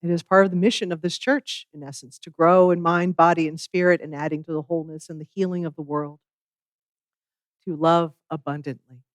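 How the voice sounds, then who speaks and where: A minister giving a sermon in a measured, reflective way, with wry asides. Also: mid-range voice, level tone, dry recording, clean studio sound.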